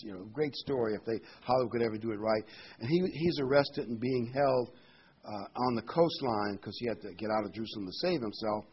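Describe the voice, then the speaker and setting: A man's voice: medium pitch, husky, highs cut off. A man preaching a Bible sermon in a conversational, emphatic way, his voice rising sharply on key words.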